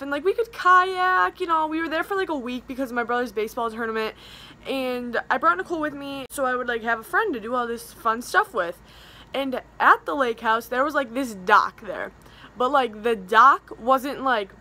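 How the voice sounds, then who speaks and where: A young woman tells a story straight to the camera with a high, bright voice. She is chatty and theatrical and peppers every sentence with "like". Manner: dramatic, chatty, heavy use of "like". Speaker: vlogger.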